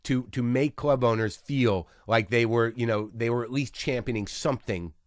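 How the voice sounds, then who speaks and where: A man's voice: medium pitch, normal speed, no echo, studio quality. A middle-aged man, a guest comedian, telling a story in casual chat with an intense, ranting, swearing delivery.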